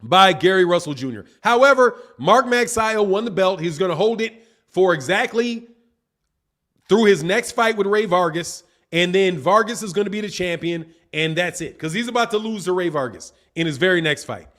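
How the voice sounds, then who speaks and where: A man hosting a casual boxing live stream, reading viewers' chat messages aloud in a slangy, animated way and laughing often. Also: sits high, moderate pace.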